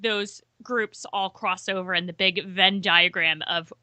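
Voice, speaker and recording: A woman's voice: fairly low pitch, fairly even intonation, unhurried, bright, forceful tone, no echo. A woman co-hosting a podcast in casual chat, talkative, laughing often and explaining with statistics. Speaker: podcast co-host.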